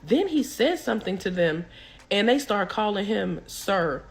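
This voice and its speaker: A woman's voice: medium pitch, big pitch swings, a little slow, vocal fry. A young woman, telling a story casually and acting out the people she quotes.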